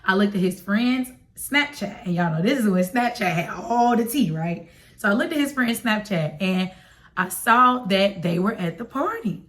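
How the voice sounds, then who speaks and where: In her storytime vlog, a young Chicago woman with a Chicago accent tells viewers about something personal. She talks at a normal speed in a mid-range voice, animated, slangy, and confiding.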